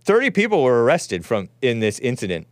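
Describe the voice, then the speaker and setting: A man's voice: mid-range voice, huge pitch swings, a little fast, no room sound, clean studio sound. A male host giving rambling, wry live-stream commentary on footage, often chuckling to himself.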